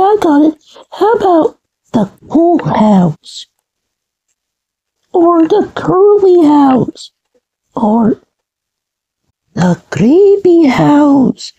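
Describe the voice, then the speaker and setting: A woman's voice: very high voice, warm tone, full character voice. A woman voicing a chirpy, upbeat young cartoon character who talks in an eager, naive, rambling way. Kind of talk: fan cartoon voice acting.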